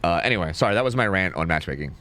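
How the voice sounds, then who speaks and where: A man's voice: low-pitched, expressive, racing, pushed and bright, faint music behind. A young man streaming, ranting casually in a rambling way, full of "like" and "dude" and some swearing.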